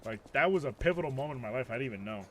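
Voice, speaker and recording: A man's voice: mid-range voice, lively intonation, rapid-fire, no room sound. A young man on a stream, telling stories in a loose, profane way, full of "like" and "dude". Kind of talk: casual storytelling chat. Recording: loud vehicle and ambient noise behind.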